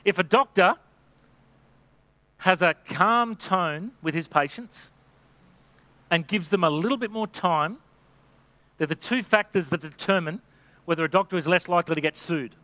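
A middle-aged man preaching in a high, bright voice that stays close and dry. He exhorts his listeners earnestly, pressing each point home, and now and then slips into the voices of people in his examples. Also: moderate pace, long pauses, dry recording. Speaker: pastor. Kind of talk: sermon.

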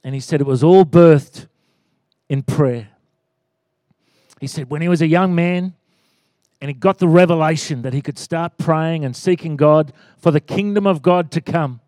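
A man, preaching a sermon as pastor, animated and calling out for amens. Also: fairly high pitch, no room sound, studio quality. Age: 40s. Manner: animated, rising to loud exclaims and calls for amen.

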